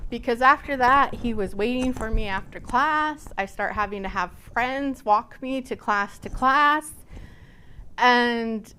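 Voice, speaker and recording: A woman from Nebraska tells a personal story as a guest lecturer. Her voice is smooth and clear and sits a little high. She keeps it animated and acts out each exchange she recounts. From Nebraska, USA.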